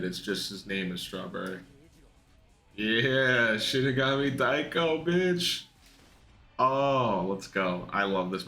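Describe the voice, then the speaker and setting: A young man in casual, profane reaction commentary, excitable and laughing, mocking the characters in put-on voices. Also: lowish voice. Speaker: anime reaction youtuber. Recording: echoey room.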